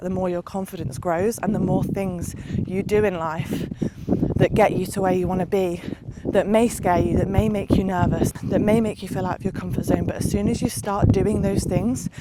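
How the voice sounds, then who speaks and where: Woman vlogger, earnest motivational talk, run-on passionate sentences, loud background noise. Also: mid-range voice. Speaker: lifestyle vlogger.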